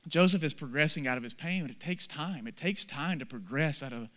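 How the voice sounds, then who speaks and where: A man pastor delivering a sermon in earnest, with repeated short phrases, swinging from soft, low passages to loud ones. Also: lively intonation, brisk.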